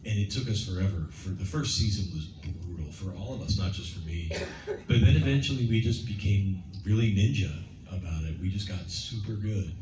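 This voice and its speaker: A man answering fan questions at a convention, telling stories in a lively, casual way and acting out lines in playful voices. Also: sits low, moderate pace, far from the mic, background noise. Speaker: guest at a fan convention panel. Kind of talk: casual Q&A storytelling. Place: large convention hall. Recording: muffled, echoey hall from afar. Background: crowd ambience.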